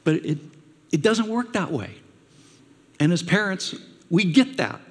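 A man's voice: sits high, a little slow, breathy edge. Man preaching a sermon in a reverberant hall. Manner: animated storyteller asking rhetorical questions. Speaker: pastor. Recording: long reverb of a large hall.

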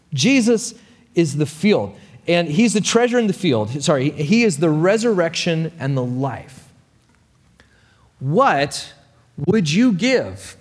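A man preaching a sermon, telling a story in an animated, conversational way. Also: on the high side, big-room sound. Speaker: pastor.

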